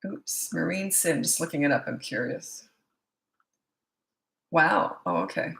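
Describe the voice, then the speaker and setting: A low, gravelly, slightly bright voice belongs to this sixty-something parenting coach, who speaks without hurry. At home on a live stream, she reads viewers' comments aloud and rambles casually between them.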